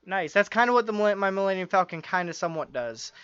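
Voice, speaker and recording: Guy rambling excitedly on a podcast, smooth voice, dull lo-fi sound. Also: sits high, fast talker, no echo. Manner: rambling and enthusiastic, many fillers and restarts. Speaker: podcast co-host. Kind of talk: casual chat. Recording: dull lo-fi dry recording.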